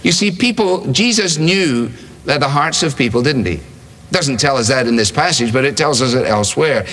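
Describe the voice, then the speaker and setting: Preaching in a conversational style, a man asks his listeners rhetorical questions, his mid-range, slightly bright voice moving at a moderate pace with lively intonation. The recording carries the long reverb of a large hall.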